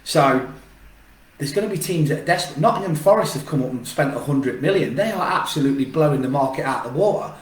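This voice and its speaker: A man's voice: on the high side, animated, fast talker. Man, emphatic and repetitive, restarts sentences, echoey room, distant mic. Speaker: football fan channel host. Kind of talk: casual opinion vlog.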